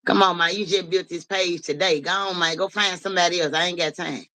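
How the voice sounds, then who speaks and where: Guy on a livestream going off at chat, cussing, kinda high voice, loud and blunt. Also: fairly quick, poor audio. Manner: blunt, profane, animated, talks back to chat. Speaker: livestream host. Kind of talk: casual livestream chat with viewers.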